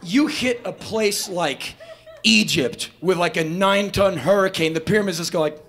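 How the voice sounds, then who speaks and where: A man in his fifties telling a profane, animated story as a spoken word performer, breaking into loud shouts. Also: high-pitched, normal speed, a little hiss or hum. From United States. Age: 50s.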